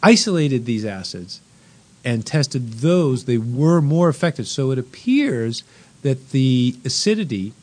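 A man's voice: mid-range voice, very animated, unhurried, darkish tone. Wry joking male podcast host. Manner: wry, joking, laughs often. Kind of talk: casual chat reading wine news.

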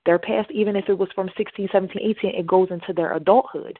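A woman's voice: mid-range voice, steady tone, fast, narrow, tinny audio. A woman speaking earnestly on a talk radio show, with many hesitations as she builds her point. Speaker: radio show panelist who works with youth in the court system. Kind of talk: casual talk radio commentary.

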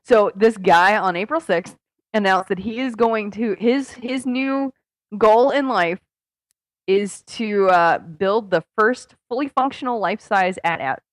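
A young woman co-hosting a casual comedy podcast over a Skype call, talking loudly and laughing often. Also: mid-range voice, a little slow, dry recording. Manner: loud, excitable, laughs often. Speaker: podcast co-host.

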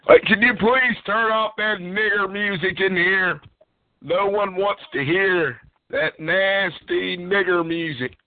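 A man's voice: high voice, takes it slowly, no room sound, phone-quality sound. A man making a taunting, provocative prank call on a phone chat line. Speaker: caller.

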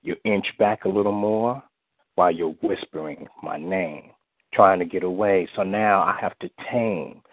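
A man reciting erotic spoken-word poetry in a slow, sensual way, often saying "you see", heard over a phone line. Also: deep voice, no echo. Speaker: guest poet. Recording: tinny phone-line audio, dry.

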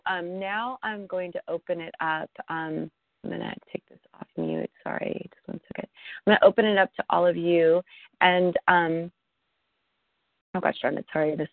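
A woman leading a Reiki teleclass, gently encouraging and repeating her points. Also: deep voice, vocal fry, no echo. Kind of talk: teaching on a phone call. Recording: tinny phone line, dry.

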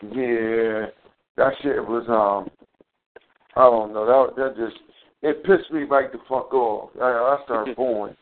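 A man's voice: medium pitch, steady tone, takes it slowly, slight background noise. A male host rambles through a heated, profane story in a casual live talk. His voice sits in a middle range. The audio is thin and phone-like. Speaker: show host. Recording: tinny phone-quality audio.

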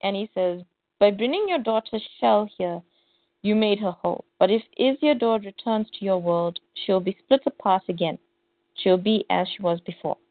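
Here a woman with a mid-range voice and moderate pace recaps a comic on a podcast she co-hosts, animated throughout and performing the characters' lines aloud. There's no room sound, and the audio has a tinny, phone-like quality.

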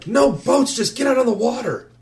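A man voicing a panicky, bossy young boy who shouts frantic orders at the party in a tabletop game. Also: very high voice, normal speed, pitched above the performer's own voice.

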